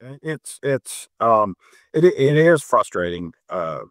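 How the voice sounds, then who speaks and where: A middle-aged mayor, a man from North Dakota, talks through a casual discussion in a voice of medium pitch. He stumbles and repeats words as he tells a story. The sound is dry and close. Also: very animated, slow pace, a bit bright, no echo. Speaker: mayor, guest.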